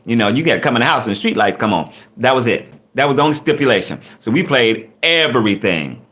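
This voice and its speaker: A fast-talking man with a mid-range voice hosts a casual livestream, reading chat comments aloud and riffing on them with viewers. He sounds lively and animated, teasing and laughing in a playful way.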